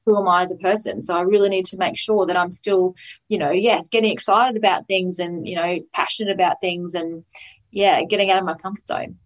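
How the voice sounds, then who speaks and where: A woman talking in a relaxed, reflective way, full of likes and you-knows. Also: lowish voice, brisk, low-quality recording. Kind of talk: casual chat.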